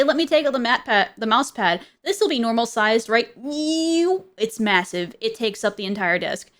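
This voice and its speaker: A woman's voice: mid-range voice, a bit bright. A woman streamer in casual chat, rambling with many fillers and frequent giggles.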